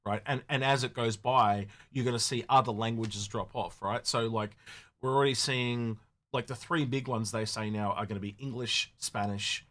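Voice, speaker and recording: A man co-hosting a casual podcast, rambling and animated with many restarts. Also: medium pitch, normal speed. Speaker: podcast co-host. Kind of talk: casual chat.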